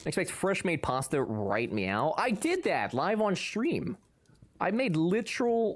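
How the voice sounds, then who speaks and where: A man's voice: on the high side, slow pace. A young man streaming, chatting casually and bantering jokingly with his chat. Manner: joking, animated, playfully defensive banter. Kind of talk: casual chat reading live chat.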